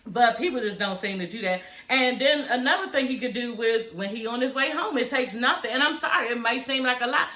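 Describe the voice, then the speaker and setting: A woman with a slightly high voice animatedly recaps a reality show in a casual way, using slang, swearing freely, and acting out the quoted lines. The recording is rough, with a roomy sound.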